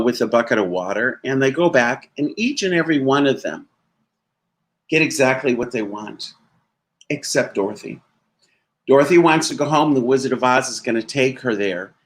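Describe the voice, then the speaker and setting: A man giving a sermon as a minister, telling a story conversationally and laughing now and then. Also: mid-range voice.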